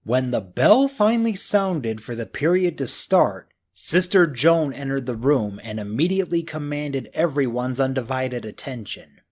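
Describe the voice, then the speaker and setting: A man reading a mystery novel aloud as an audiobook narrator, with an expressive reading that acts out the characters' thoughts. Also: mid-range voice, measured pace, few pauses.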